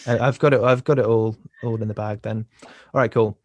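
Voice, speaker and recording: A man hosting a conversational podcast interview, halting and often repeating words as he talks. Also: on the low side, fairly even intonation, dry recording. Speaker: podcast host.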